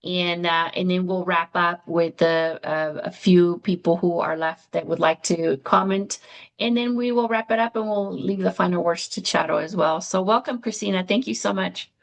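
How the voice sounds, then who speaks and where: A woman with a low, gravelly voice moderates an online book launch over a video call. She reads comments aloud and calls on guests, with plenty of fillers between her phrases. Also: fairly even intonation, moderate pace, low-quality recording. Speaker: event moderator.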